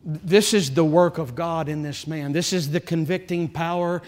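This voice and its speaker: A male pastor preaching a sermon, swinging between hushed, quiet passages and rising, impassioned build-ups. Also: on the high side, normal speed, long reverb tail.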